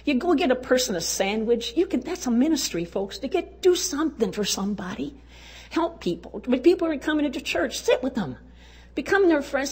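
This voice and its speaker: A woman's voice: sits high, big pitch swings, a little fast, a little mellow. A woman speaking to a women's conference, telling folksy stories and chuckling often. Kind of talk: storytelling speech to a live audience.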